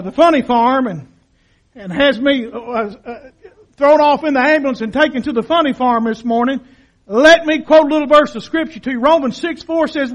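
A man preaching a sermon as pastor, dramatic and impassioned, dropping to a hush and then rising to shouts. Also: very high-pitched. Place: church sanctuary.

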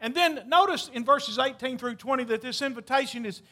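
High bright-voiced preacher. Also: male voice, a little fast. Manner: impassioned preaching, shifts from loud calls to hushed storytelling. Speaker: pastor. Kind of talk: sermon.

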